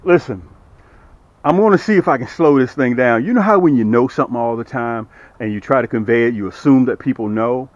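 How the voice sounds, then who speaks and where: A man fishing outdoors and talking casually to his viewers, excitable and folksy as he pitches his lures. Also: brisk, lo-fi sound. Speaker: fishing vlogger and lure seller. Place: outdoors on a boat.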